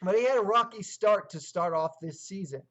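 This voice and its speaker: A man's voice: high voice, lively intonation, moderate pace, a bit bright. A man hosting his own sports show, reading game statistics in clipped lists and then giving emphatic opinions. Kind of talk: solo sports commentary livestream.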